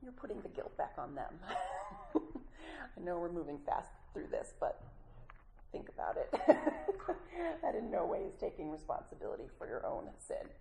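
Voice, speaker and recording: A woman with a low, heavily gravelly voice leads a women's Bible study, talking to the group as ladies. She chats through her points, laughs between them and fixes her own words mid-sentence, with a faint hum of noise behind her. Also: huge pitch swings, moderate pace, pauses often. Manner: corrects herself mid-sentence. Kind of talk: Bible study teaching talk.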